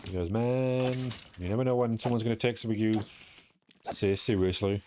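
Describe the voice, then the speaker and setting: A man's voice: lowish voice, a little fast, warm tone, a little hiss or hum. A young British man streaming a game, rambling casually in a self-mocking way and swearing now and then. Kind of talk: casual streaming chat while playing.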